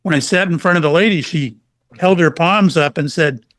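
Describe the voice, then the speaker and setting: Animated middle-aged man telling stories. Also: on the high side, normal speed, no room sound. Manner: animated storyteller, acts out quotes. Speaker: psychic medium guest. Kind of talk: casual interview storytelling.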